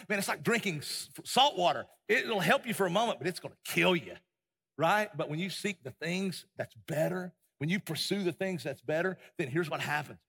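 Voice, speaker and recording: A man's voice: high-pitched, vocal fry, fairly bright tone, husky. A man preaching a sermon as pastor, impassioned, stumbling and repeating words as he goes. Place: church sanctuary. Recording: long hall reverb.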